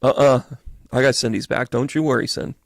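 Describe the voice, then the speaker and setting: Gravelly-voiced man reading tarot live. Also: mid-range voice, dry recording, clean studio sound. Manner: animated and profane, acting out quick voices. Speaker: medium doing tarot readings. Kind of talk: live-stream tarot reading, chatting with viewers.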